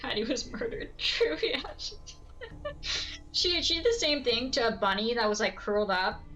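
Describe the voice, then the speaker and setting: A woman streamer chats casually while she plays, rambling from one story to the next and laughing often. Her voice is bright and sharp and sits fairly high. She is recorded at a home streaming setup. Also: animated, normal speed, poor audio. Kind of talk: casual chat while gaming.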